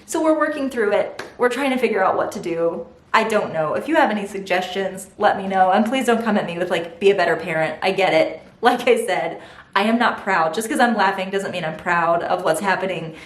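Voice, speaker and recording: A woman's voice: mid-range voice, brisk. A young woman vlogger telling a funny family story to her viewers, laughing as she goes and acting out the people she quotes. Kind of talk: casual story time to camera. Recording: roomy echo.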